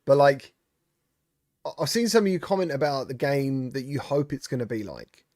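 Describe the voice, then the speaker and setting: A chatty man hosts a relaxed live stream, greeting viewers and answering their comments. His voice sits at an ordinary middle pitch. The sound is close and dry, with no room around it. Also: normal speed, no room sound. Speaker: streamer host. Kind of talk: casual live-stream chat.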